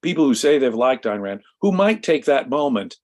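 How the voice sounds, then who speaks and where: A man in a casual discussion, telling a story in an emphatic, animated way. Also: mid-range voice, moderate pace. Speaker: guest commentator.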